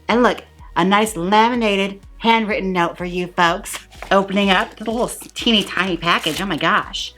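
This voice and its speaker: A woman's voice: mid-range voice, moderate pace, few pauses, fairly bright tone, faint music behind. A woman hosting a comedic makeup review vlog in a playful, mock-dramatic, gushing way. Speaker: beauty vlogger.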